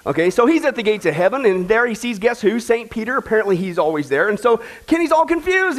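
Preaching to his congregation in a joking, relaxed way, a pastor calls his listeners folks and keeps a chatty, folksy tone while telling a joke in his sermon. His very high voice for a man swings widely in pitch, moving fast with few pauses.

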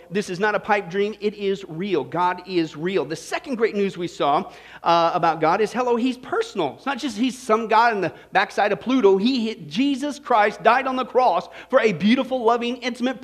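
A man's voice: high-pitched, a little fast. A male pastor preaching a sermon in a jokey way, talking with his audience and checking in with "right?" and "okay?".

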